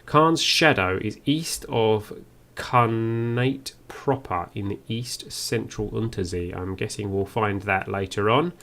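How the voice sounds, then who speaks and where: Gravelly man musing through a game. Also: on the low side, takes it slowly, fairly bright tone. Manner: musing, reads on-screen text aloud. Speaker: game streamer. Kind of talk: first-play commentary.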